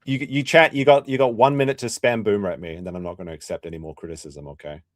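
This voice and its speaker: A man hosting a live-stream commentary show, casual and profane, mocking his subjects and often breaking into loud laughter. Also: lowish voice, fairly even intonation, fast talker, no echo, clean studio sound. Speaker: livestream commentary host.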